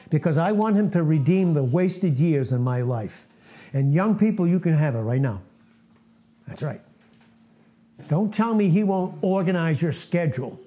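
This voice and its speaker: A man's voice: on the high side, mellow. A man in his late sixties giving an informal, earnest sermon to a small fellowship. He talks in a folksy, self-deprecating way and repeats himself. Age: 60s. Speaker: preacher.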